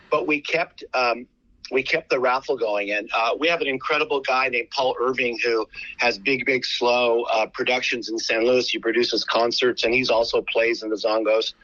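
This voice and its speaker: A charity founder with an American accent, telling animated stories with many restarts in a radio interview. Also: male voice, medium pitch, no room sound, dull audio.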